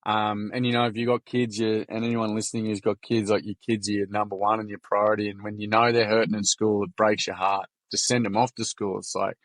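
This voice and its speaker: A man's voice: lowish voice, little pitch movement, fairly quick, few pauses, dry recording. Frank Australian man telling stories. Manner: frank, earnest, salty storyteller. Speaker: podcast guest, youth workshop founder. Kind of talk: casual storytelling.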